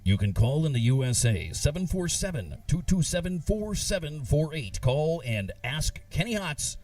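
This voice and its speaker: A man's voice: a little high, big pitch swings, moderate pace, darkish tone, distant mic. A man announcing the call-in phone number in a promo-style readout.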